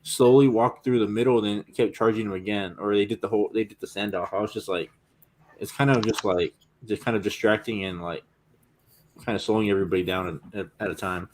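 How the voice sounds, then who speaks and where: A man's voice: on the low side, brisk, a little hiss or hum. A man co-hosting a wrestling podcast, talking in casual, rambling chat with lots of fillers. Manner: excitable, rambling with many fillers. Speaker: podcast co-host.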